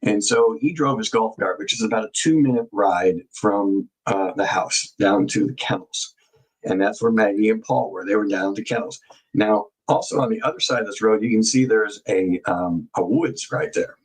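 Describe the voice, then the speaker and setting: A man in a casual live discussion, guiding through a map with halting speech and many fillers and restarts. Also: lowish voice, slightly rough, rough recording.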